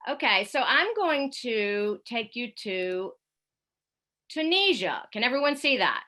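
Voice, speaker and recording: Woman, radio correspondent, bright storyteller on a video call, chatty with fillers. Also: fairly high pitch, a little slow. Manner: lively anecdotal storytelling with fillers. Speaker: radio correspondent giving a talk. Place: home in Paris, at night.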